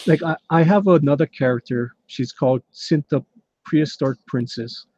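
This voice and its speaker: Laid-back man with a mellow voice. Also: on the high side, moderate pace, dull audio. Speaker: comic artist guest. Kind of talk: casual chat on a livestream.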